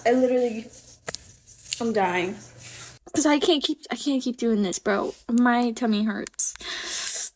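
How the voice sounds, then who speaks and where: A woman's voice: on the high side, lively intonation, moderate pace, long pauses, slight background noise. A woman chatting casually on a livestream, burping again and again and apologizing with a laugh. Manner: burps repeatedly, apologizing with a laugh.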